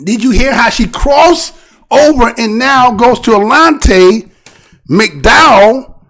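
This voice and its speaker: A male show host delivers commentary on a news clip in a very high voice that swings widely up and down. His tone is gravelly and full of fry, and he keeps pressing his point with rhetorical questions in a preachy, animated manner. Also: slow.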